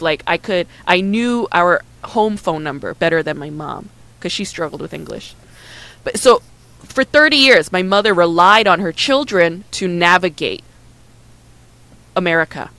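A woman in her thirties telling a personal story in casual chat, candid and animated, with many "like" and "right?" fillers. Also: lowish voice, dry recording, poor audio.

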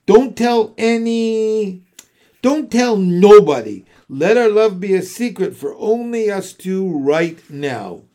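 A man's voice: high voice, animated, slow pace, mellow, pitched above the performer's own voice, exaggerated voice. A man doing a bossy, clever young girl. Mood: bossy, eager.

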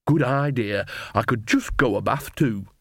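A man's voice: medium pitch, measured pace, no echo, studio quality, close to an everyday voice. A man voicing a cheerful, earthy old woman witch who talks in a coaxing, chatty way.

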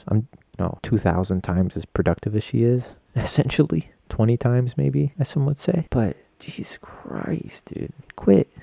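A man's voice: low-pitched, vocal fry, dark tone, dry recording. A young man hosting a solo podcast, rambling in profane, self-mocking chatter. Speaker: podcast host.

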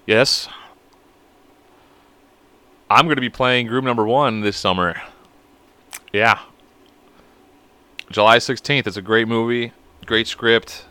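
A man's voice: medium pitch, fairly even intonation, slow pace, pauses often, bright, forceful tone, clear, resonant tone, dry recording. A man hosting a podcast alone, rambling in a crude, profane, self-mocking way. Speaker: podcast host. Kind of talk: casual solo podcast chat.

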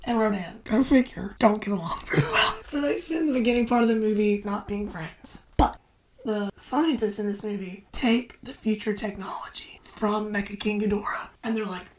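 A woman recapping a film on a casual podcast, easygoing and conversational. Her voice sits at a middle pitch, with faint clicks behind her. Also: normal speed, slight background noise. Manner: relaxed, summarizes the plot. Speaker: podcast co-host.

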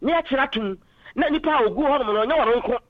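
A man's voice: very high-pitched, fast talker, dry recording. A man calling in to a political radio talk show, arguing passionately and switching into English phrases, heard over a dull phone line. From Ghana.

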